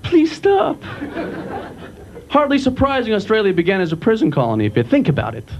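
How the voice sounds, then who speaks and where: A man doing a stand-up comedy set on a club stage, lively and quick to slip into silly accents. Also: medium pitch. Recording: dull lo-fi live club recording. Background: audience laughter and room noise.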